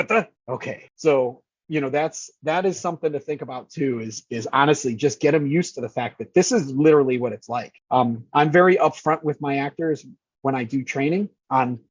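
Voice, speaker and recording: A man's voice: medium pitch, slightly rough, no room sound, dull audio. A man who manages scare actors, talking casually and energetically in an interview, swearing freely and acting out lines.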